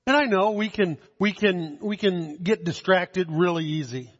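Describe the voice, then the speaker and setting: A man preaching a communion sermon, slow and measured, with dramatic pauses and soft drops in his voice. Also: sits high, slightly rough. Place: church hall. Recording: dull sound in a long-echoing hall.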